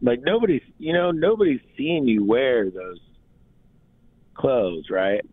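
A man's voice: medium pitch, expressive, measured pace. A laid-back man chatting casually on a radio show. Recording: tinny phone line.

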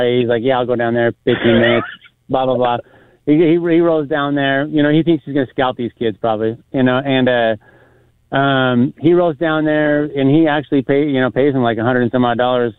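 A man's voice: medium pitch, clean tone, no room sound. A man in casual podcast chat, telling a rambling story with lots of fillers and acted-out quotes. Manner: rambling, many restarts and fillers, acts out quotes. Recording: tinny phone-like sound.

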